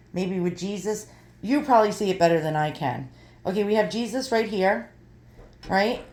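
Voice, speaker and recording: A woman in her fifties talks through a haul video in an easy, chatty way. She thinks aloud, muttering and trailing off as she squints at tiny details. Her voice sits at an ordinary pitch and rings a little in a roomy space. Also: darkish tone. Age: 50s. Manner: thinks aloud while squinting at small items. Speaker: vlogger showing an online haul.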